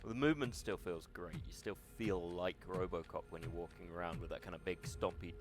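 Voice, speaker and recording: A wry man chatting his way through a video game stream, mocking himself and swearing now and then. His voice sits low, and faint game music plays behind him. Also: a little fast, few pauses. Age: older. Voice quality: wry, self-deprecating, swears casually. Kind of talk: casual gameplay commentary.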